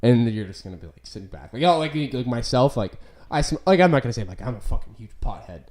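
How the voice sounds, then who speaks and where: A young man hosts a laid-back podcast, his voice low in brightness and warm. He rambles loosely, swears freely and leans on "like" between thoughts. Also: very animated, fast. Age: young adult. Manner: rambling, profane, full of "like" fillers. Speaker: podcast host. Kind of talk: casual chat.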